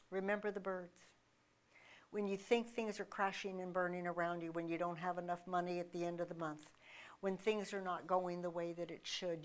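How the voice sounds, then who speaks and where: Emphatic woman preaching a sermon. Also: fairly low pitch. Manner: emphatic, conversational preaching with restarts and rhetorical questions. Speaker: minister.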